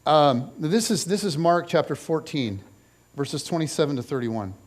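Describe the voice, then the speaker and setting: A man preaching with a fairly high voice and plenty of animation. He tells the story like a storyteller, slipping into quick voices for the people in it. His pitch climbs as he gets caught up in the telling. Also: expressive, a little mellow. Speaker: pastor. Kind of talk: sermon.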